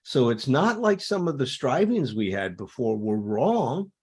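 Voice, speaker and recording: A man's voice: medium pitch, sing-song, a little slow, darkish tone, breathy edge. A man hosting a discussion of recovery ideas, speaking in an emphatic, teacherly way. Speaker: host.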